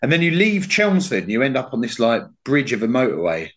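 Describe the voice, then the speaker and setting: A man's voice: medium pitch, brisk. A man hosting a podcast, telling a story in casual chat, swearing a lot and laughing as he goes. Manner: sweary, animated, laughs while telling stories. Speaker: podcast host.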